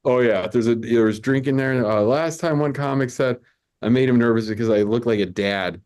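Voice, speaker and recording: Medium in pitch and a little mellow, a man's voice hosts an online comedy show via a video call mic. He banters casually and loosely, rambling along with frequent stammered restarts and quick asides.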